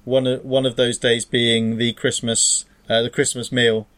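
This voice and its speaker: A man's voice: mid-range voice, little pitch movement, a little slow, a bit bright. A man co-hosting a casual podcast chat. He tells stories in a rambling, self-interrupting way, trailing off and restarting mid-sentence, with a laugh slipping in now and then. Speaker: podcast co-host. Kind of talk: casual chat, joke telling.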